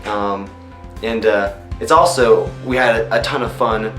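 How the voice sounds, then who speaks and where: A young man talks easily about voicing characters, filling his pauses with ums and you-knows. His voice sits somewhat low. It rings with a roomy echo, and soft music plays underneath. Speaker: voice actor. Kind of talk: behind-the-scenes interview. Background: faint music.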